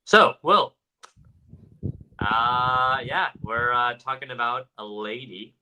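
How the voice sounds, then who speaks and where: A man from Georgia co-hosting a casual paranormal podcast, relaxed and quick to chuckle. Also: mid-range voice, smooth, muffled recording. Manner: laid-back, chuckling reactions. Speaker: podcast co-host.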